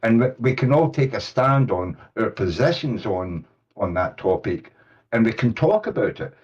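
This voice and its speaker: A man in a casual online voice chat, reasoning aloud in a measured way. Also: on the low side, sing-song, darkish tone, slightly rough, dull audio.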